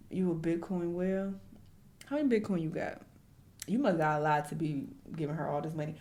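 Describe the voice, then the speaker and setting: A woman hosting a reaction video, reading messages aloud and breaking into loud, incredulous remarks. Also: deep voice, brisk. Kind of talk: casual reaction commentary.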